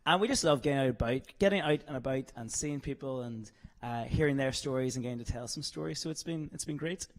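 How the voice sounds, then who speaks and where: A man's voice: mid-range voice, fast talker. Jokey Northern Irish man. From Northern Ireland. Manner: jokey, self-deprecating, chuckles often. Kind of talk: casual interview chat.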